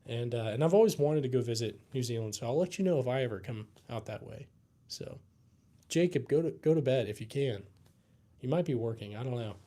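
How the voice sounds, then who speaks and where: A tired man from the United States hosting a casual live Q&A stream, talking in a laid-back, halting way with many fillers and restarts. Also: medium pitch, expressive, dark tone. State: tired, yawning. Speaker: livestream host.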